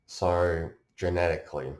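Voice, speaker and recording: A man's voice: sits low, steady tone, a little slow, darkish tone. A man from Taiwan, an astrologer, explaining things casually in a rambling, conversational way. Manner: rambling and conversational, with many fillers. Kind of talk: casual explanation during a chart reading. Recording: roomy echo.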